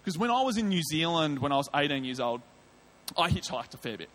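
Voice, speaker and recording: A man with an Australian accent preaching a sermon, telling a personal testimony in a lively way and acting out his own thoughts and lines. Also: a little high, brisk, slight background noise.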